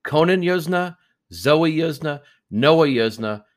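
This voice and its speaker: A man's voice: on the high side, animated, slow pace. A man co-hosting a podcast, chatting casually about a film and tossing in wisecracks and asides. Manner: wisecracking, throws in jokes and asides. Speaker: podcast co-host. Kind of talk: casual movie-review chat.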